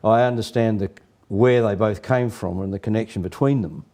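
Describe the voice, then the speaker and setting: Hesitant low-voiced man with a mellow tone. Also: normal speed. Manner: hesitant, repeats words, says mm often. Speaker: guest. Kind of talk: casual studio interview.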